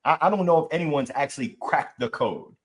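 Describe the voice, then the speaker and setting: A man's voice: fairly high pitch, expressive, a little fast. A man who is a professional speaker, talking on a live video call and giving enthusiastic advice, often repeating words as he starts a thought.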